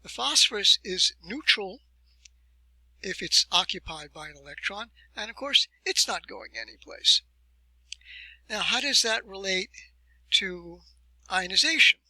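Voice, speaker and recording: A man giving a recorded university lecture, explaining step by step with deliberate emphasis and rhetorical questions. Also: sits high, animated, sharp tone, no echo, rough recording.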